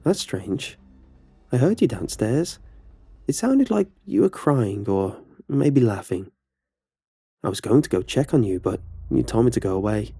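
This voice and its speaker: A man's voice: medium pitch, sing-song, vocal fry, dark tone, slightly rough, no echo, clean studio sound, exaggerated voice. A man voicing a groggy, suspicious mother. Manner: slow, sleepy questioning.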